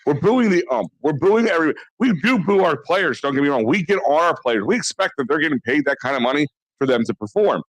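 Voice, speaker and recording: A man talking sports on a podcast, excitable and rambling with many restarts. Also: on the high side, brisk, few pauses, dry recording, low-quality recording. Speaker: podcast co-host. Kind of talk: casual sports chat.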